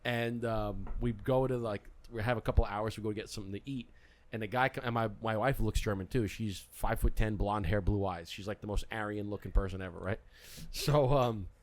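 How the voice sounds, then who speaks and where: A young podcast host talks at a quick clip. His stories ramble, and he doubles back on his words as he goes. He is speaking into a studio podcast mic. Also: on the low side. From Long Island, New York. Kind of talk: casual chat.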